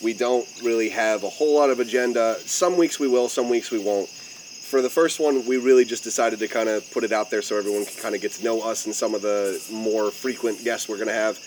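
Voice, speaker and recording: A young man hosts a loose, freeform podcast chat in an easygoing voice. He laughs often and leans on fillers as he talks. A steady hiss of noise sits under the recording. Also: on the low side, fairly quick. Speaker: podcast host. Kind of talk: casual chat.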